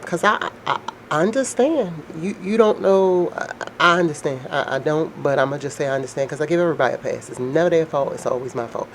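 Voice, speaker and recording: A woman with a naturally deep voice, sick and slightly nasal, chatting casually to her viewers in a frank, rambling way. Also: fast, slight background noise. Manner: frank, rambling, laughs often. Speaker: vlogger. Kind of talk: casual chat to camera.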